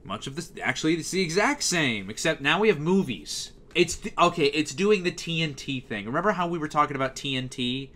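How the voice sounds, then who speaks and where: A young man rants casually into his mic, animated and exasperated, stumbling through fillers and restarts. His voice is bright and forceful, sitting a little high for a man. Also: fairly quick, hardly any pauses. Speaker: youtuber reviewing TV schedules. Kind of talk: casual ranting commentary.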